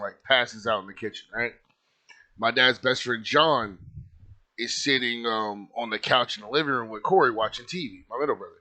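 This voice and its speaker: A man's voice: medium pitch, sharp tone. A young man telling a personal story in a casual, rambling way, full of fillers and swearing. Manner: rambling, lots of filler likes, swears freely.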